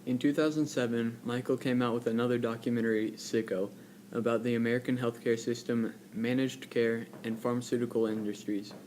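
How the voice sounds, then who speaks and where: A man narrates a documentary from a script in a flat, level voice. His noisy recording has a steady hum of background sound. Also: mid-range voice, fairly quick. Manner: even, read-aloud delivery.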